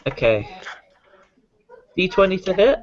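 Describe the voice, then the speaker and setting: Man, tabletop player, eager, chatty, higher voice, lo-fi sound. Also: big pitch swings, a little slow, slight background noise. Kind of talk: casual tabletop play. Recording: muffled lo-fi mic.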